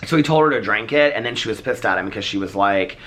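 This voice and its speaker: A man's voice: lowish voice, fast talker. Chatty man telling a story. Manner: chatty, animated, acts out dialogue in quotes. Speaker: vlogger. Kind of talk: casual storytelling vlog.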